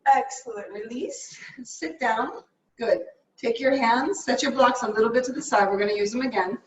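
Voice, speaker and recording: A woman teaching a live yoga class, cueing poses in a brisk, upbeat way and a little out of breath. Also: on the high side, animated, slight background noise. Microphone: camera mic at a distance. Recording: echoey room, from far off.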